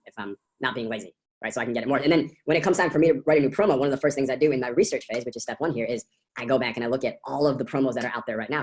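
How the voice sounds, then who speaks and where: A woman co-hosting a course, teaching in an enthusiastic, rambling way over a video call, with many fillers and restarts. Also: very deep voice. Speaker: course co-host. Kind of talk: casual teaching talk.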